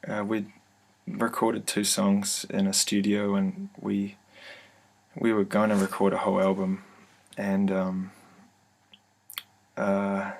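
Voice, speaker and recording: A man telling a personal story to his webcam in an office, hesitant and soft-spoken, full of fillers and restarts. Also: on the low side, vocal fry. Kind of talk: casual first-person testimony. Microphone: computer webcam mic.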